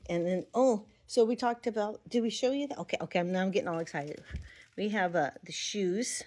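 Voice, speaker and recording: In a casual home vlog, a middle-aged Avon representative shows off her ornaments beside her Christmas tree, musing aloud affectionately. Her mid-range, slightly mellow voice moves a little fast.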